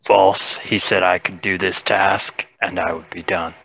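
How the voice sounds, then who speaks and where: Deep, husky-voiced man at the table. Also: flat delivery, a little slow, sharp tone, no echo, rough recording. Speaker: player. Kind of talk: tabletop role-play banter.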